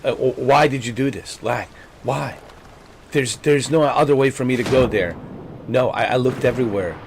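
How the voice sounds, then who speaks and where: A man's voice: medium pitch, moderate pace, vocal fry, a little hiss or hum. A man streaming a video game, ranting in frustration, repeating himself, swearing and then apologizing to his viewers. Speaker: gaming streamer. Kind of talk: frustrated live gameplay commentary.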